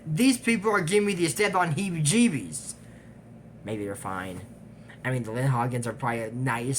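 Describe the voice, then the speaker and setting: A man recapping an animated series in a casual, digressive way, trailing off with fillers and little laughs. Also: mid-range voice, normal speed, a little hiss or hum. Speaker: YouTube recap host. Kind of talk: casual rambling episode recap.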